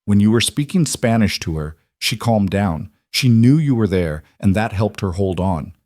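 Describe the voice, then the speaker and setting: A man voicing a kind young frontier woman who speaks gently but firmly, reassuring a frightened family. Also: fairly low pitch, lively intonation, normal speed, dry recording, studio quality, close to an everyday voice.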